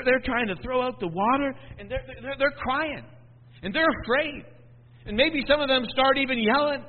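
A man preaching a sermon, swinging between hushed and loud, often repeating and stumbling over words. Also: on the high side. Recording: tinny phone-like sound in a long echoing hall.

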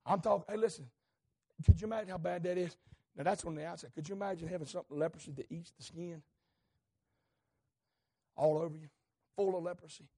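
High-voiced preacher, folksy and fervent. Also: male voice, fast talker, long pauses. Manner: folksy, swings from conversational to fervent shouting. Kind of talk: sermon.

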